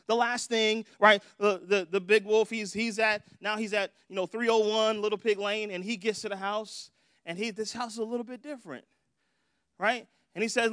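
A man's voice: high voice, steady tone, brisk, sharp tone, smooth, no room sound, studio quality. A man preaching a sermon in a conversational, playful way, often checking in with "right?".

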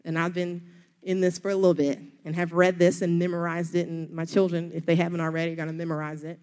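A woman's voice: lowish voice, flat delivery, fast talker, a little mellow. A middle-aged woman with a Southern US accent, preaching an earnest, encouraging sermon full of rhetorical questions.

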